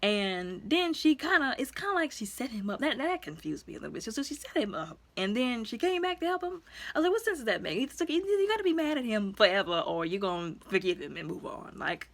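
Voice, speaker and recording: A woman's voice: a little high, very animated, fast talker. A woman giving a casual, chatty movie review, acting out the characters' lines as she retells the story.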